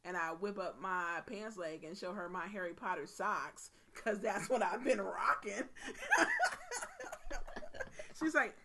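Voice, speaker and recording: A woman co-hosting a casual podcast chat, animated and joking, swearing now and then. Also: mid-range voice, a little slow, vocal fry, heavy background noise. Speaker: podcast co-host.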